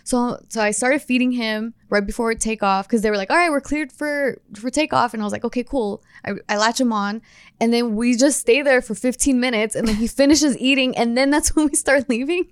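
Young woman telling a story, clear voice. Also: fairly high pitch, brisk, dry recording, clean studio sound. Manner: animated storytelling, frequent swearing. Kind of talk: casual chat.

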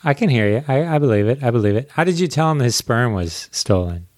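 A man hosting a podcast, chatting casually and relaxed, with lots of fillers. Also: medium pitch, brisk. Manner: relaxed, uses frequent fillers like "like". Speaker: podcast host.

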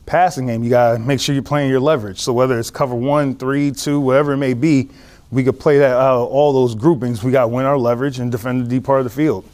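A male football coach lays out his defensive philosophy, teaching step by step. He talks in a mid-pitched, even voice and often stops to restart a thought. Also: fast. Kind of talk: explaining defensive scheme.

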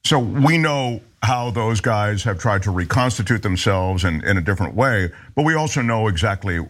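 Low-voiced, easygoing co-host man. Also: animated, moderate pace. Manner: easygoing, hesitant, many fillers. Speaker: podcast co-host. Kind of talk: casual political chat.

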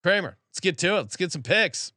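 A man co-hosting a podcast in a studio, telling stories in an animated way and laughing often. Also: high voice, brisk, dry recording. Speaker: podcast co-host. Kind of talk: casual sports betting chat.

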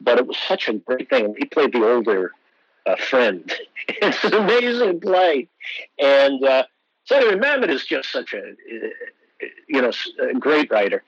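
A man in his sixties, an actor guest telling animated anecdotes and acting out the voices of people he quotes. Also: medium pitch, measured pace, no echo, muffled recording. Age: 60s. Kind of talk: storytelling interview.

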